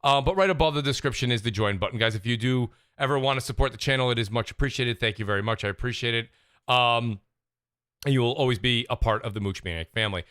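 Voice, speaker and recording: A man hosting a casual gaming podcast in an animated, joking way. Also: medium pitch, quick pace, smooth, no echo, studio quality. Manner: animated, jokey, gives chat shout-outs. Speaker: podcast host.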